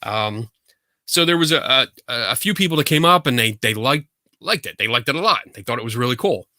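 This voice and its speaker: A man hosting a podcast, telling a story in a casual, animated, rambling way from a home setup. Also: mid-range voice, brisk, no echo, clean studio sound. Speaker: podcast host. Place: home setup for a virtual show.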